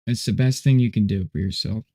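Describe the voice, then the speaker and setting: A man's voice: lowish voice, brisk, dark tone. A man hosting a casual livestream while coding, rambling and laid-back, often saying "dude" and "you know". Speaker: livestream host.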